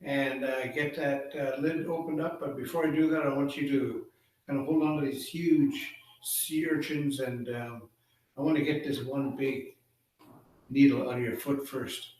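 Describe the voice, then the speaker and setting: A sly male raven trickster who wheedles and flatters his cousin with easy friendliness, as a man puts him on. The voice sits at a middle pitch, picked up from well away from the mic in a strongly echoing room. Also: measured pace, close to an everyday voice. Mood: coaxing. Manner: coaxing, wheedling, overly friendly. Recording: echoey room, far from mic.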